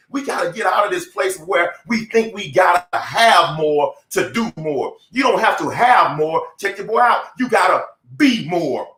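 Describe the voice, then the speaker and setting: A man's voice: sits high, animated, moderate pace, hardly any pauses, a bit bright. A man giving a preaching-style motivational talk, fervent and emphatic, repeating phrases. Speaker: motivational speaker. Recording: echoey room.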